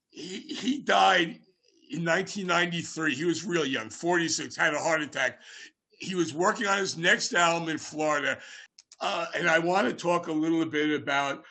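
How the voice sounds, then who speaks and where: A man hosting a casual podcast, telling long stories with lots of "uh" and "um" and restarting his sentences. His voice sits a little high and sounds bright and forward. He talks like he is chatting with an old friend. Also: creaky. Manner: rambling anecdotes with many fillers, shouting out quoted lines. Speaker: podcast host. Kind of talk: casual storytelling interview.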